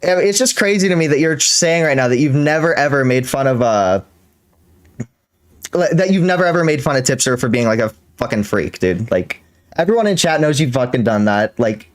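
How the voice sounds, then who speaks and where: A man's voice: mid-range voice, lively intonation, fairly quick. A man hosting a live stream, arguing in disbelief, swearing freely and leaning on fillers as he pushes his questions. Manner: incredulous and profane, full of fillers and laughs. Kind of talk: heated live-stream argument.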